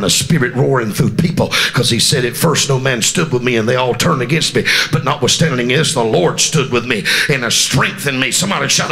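A man with a Georgia accent preaching a revival sermon, his gravelly voice swinging from low growls to high shouted peaks. He chants his lines with a rhythmic "uh" between phrases. His tone is bright and cutting, and he keeps calling on the congregation to answer. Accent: Southern US, Georgia. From Southeast Georgia, US. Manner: calls out to the congregation for responses. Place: church during a revival service.

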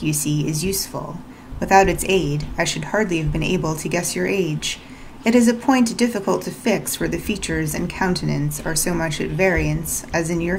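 A woman reading the lines of a brusque, commanding gentleman from a storybook read-aloud. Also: on the low side, gravelly, slight background noise, poor audio. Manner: curt, questioning, commanding. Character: brusque commanding gentleman, middle-aged man.

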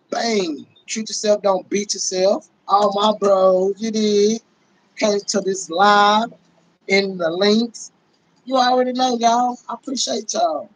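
A man on a casual livestream, ranting in a loud, profane, boisterous way and laughing often. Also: sits high, poor audio.

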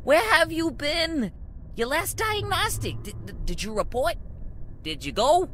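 A woman's voice: high-pitched, big pitch swings, unhurried, fairly bright tone, slight background noise, full character voice. A woman voicing a nervous, rule-bound phone app assistant in a video game, who stammers when flustered. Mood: worried. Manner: stammering, jittery.

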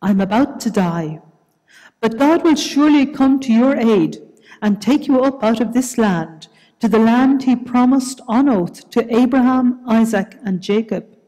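A woman voicing a forgiving elderly male patriarch in a scripture reading, gentle and reassuring. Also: very high-pitched, expressive, measured pace. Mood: solemn. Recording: reverberant church hall.

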